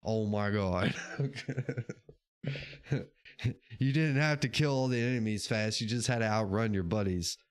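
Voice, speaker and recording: Laid-back low-voiced male streamer. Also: takes it slowly, long pauses, clear, resonant tone, no room sound, clean studio sound. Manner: laid-back, rambling, swears casually, laughs often. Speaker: podcast host reading live chat. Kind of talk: casual livestream chat.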